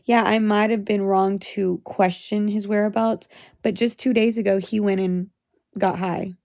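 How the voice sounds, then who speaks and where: A woman's voice: mid-range voice, fairly even intonation, measured pace, darkish tone, no echo. A young woman livestreaming from her phone, venting angrily and with a lot of profanity. She talks to her chat and sounds exhausted.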